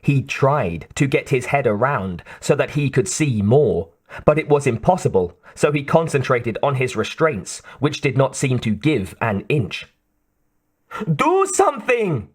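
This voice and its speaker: A man reading an audiobook in a slow, measured narration. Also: mid-range voice, animated, husky.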